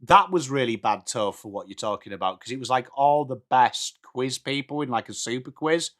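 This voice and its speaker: In a mid-range, expressive voice that's a bit bright, a young Englishman hosts a live football watchalong at normal speed. He's chatty, calling the play and answering his viewers' chat as he goes.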